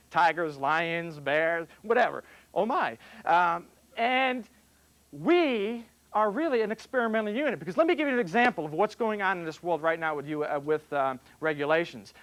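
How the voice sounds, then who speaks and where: Older guy vet lecturing at a convention, folksy and jokey, kinda high voice. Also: fairly bright tone. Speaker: veterinarian giving a conference talk. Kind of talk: conference lecture.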